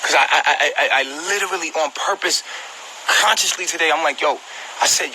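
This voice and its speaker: A man's voice: on the high side, brisk, sharp tone, a little hiss or hum, rough recording. Agitated, upset man venting on a phone livestream. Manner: agitated, repetitive, profane, talks directly to viewers. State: upset and hurt. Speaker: vlogger on a live stream. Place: at home, indoors.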